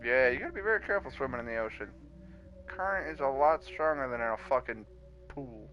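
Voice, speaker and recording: A man's voice: medium pitch, lively intonation, brisk, highs cut off, soft background music. A man streaming a video game, chatting casually, reacting to the game and swearing freely. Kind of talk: casual live-stream commentary.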